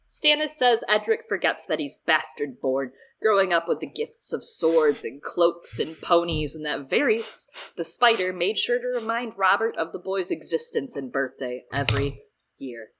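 Woman, low-mid voice, casual swearing podcast recapper who acts out the dialogue. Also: normal speed, a little hiss or hum, poor audio. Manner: lively, profane, acts out characters' lines.

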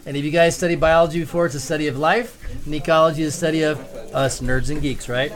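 A man's voice: fairly high pitch, fairly even intonation, fast. A man co-hosting a live podcast show, upbeat and rambling with many fillers. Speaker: podcast co-host. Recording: live room with crowd noise.

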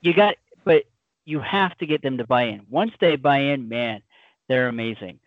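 A man's voice: mid-range voice, moderate pace, no echo, lo-fi sound. A man in casual podcast chat, talking enthusiastically and rambling with many fillers.

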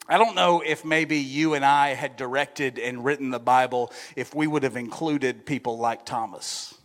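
Pastor, man, slightly high voice, chatty sermon delivery, long church reverb. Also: fairly bright tone. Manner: conversational, keeps asking the congregation "right?". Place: church sanctuary.

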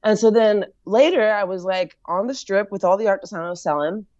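A woman's voice: medium pitch, brisk, a little mellow, dry recording. An American woman, a fiber artist, telling a long personal story in a casual interview, slipping into quoted voices, with lots of fillers and laughs. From United States. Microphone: video call. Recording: dull lo-fi sound.

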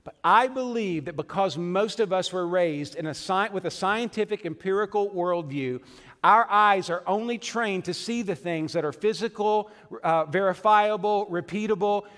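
A man's voice: high-pitched, normal speed, a bit bright. A middle-aged man preaching a sermon in a church, conversational and humorous, with asides to the congregation. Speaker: pastor. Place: church sanctuary. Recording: long hall reverb.

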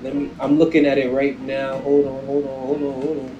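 Echoey, animated man talking sports. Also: medium pitch, brisk, lo-fi sound, crowd noise. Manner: animated and profane, laughs at his own points. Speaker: podcast co-host. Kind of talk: casual sports chat. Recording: echoey room.

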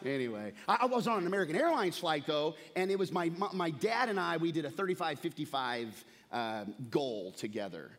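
Thirtysomething pastor guy giving a sermon, chatty and joking, voice a little high. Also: expressive, fairly quick, few pauses. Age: 30s. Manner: conversational, storytelling, humorous.

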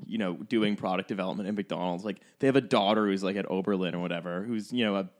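A man with a lowish voice rambles through sardonic riffs, stacking fillers and restarts. The tone is easygoing podcast chatter. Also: fast. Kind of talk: casual podcast banter.

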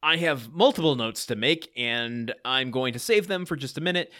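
A man's voice: medium pitch, moderate pace, sharp tone, no echo, studio quality. A man co-hosting a podcast, recapping a sitcom episode in a loose, casual way and laughing easily. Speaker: podcast co-host.

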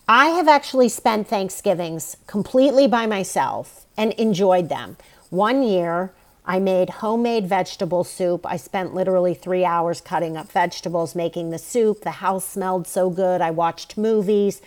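A woman hosts an advice podcast in a reassuring, direct voice. Her pitch sits in the middle of the range for women. She talks straight to the listener. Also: darkish tone. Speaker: podcast host.

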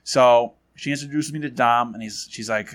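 A man's voice: mid-range voice, moderate pace. A man hosting a podcast, telling a story in casual chat and acting out the quoted lines with energy. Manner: animated storyteller, acts out quotes. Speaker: podcast host.

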